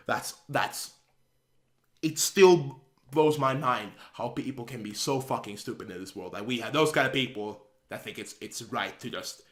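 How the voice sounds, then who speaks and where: A man's voice: mid-range voice, fairly bright tone. A man on his channel ranting heatedly, swearing and repeating himself as he vents. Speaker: channel host. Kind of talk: angry vlog rant.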